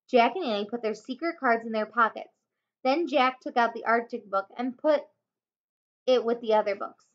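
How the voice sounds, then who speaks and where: A woman teacher reading a children's chapter book aloud, expressive, with small slips and self-corrections. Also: fairly high pitch, normal speed. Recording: dull lo-fi home recording.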